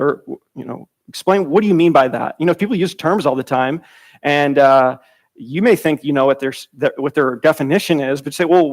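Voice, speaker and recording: A man teaching a church Bible class in a conversational way, often repeating and restarting phrases and acting out quoted dialogue. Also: darkish tone. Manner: acts out quoted dialogue with sudden pitch jumps.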